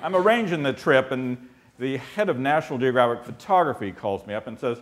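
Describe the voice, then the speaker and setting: An American man telling a comic expedition story on stage, animated and wry, with comic pauses. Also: medium pitch. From United States.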